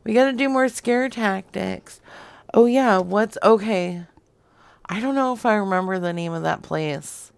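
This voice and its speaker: A woman's voice: mid-range voice, a little slow, creaky, clean tone, dry recording. A woman chatting casually on a stream, giggling a lot and slipping into whispered asides. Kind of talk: casual chat.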